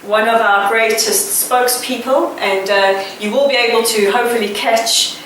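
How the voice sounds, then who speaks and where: A woman hosting an interview, introducing and thanking her guest with warm praise. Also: a little high, steady tone, moderate pace, very echoey, recorded from a distance, slight background noise, rough recording.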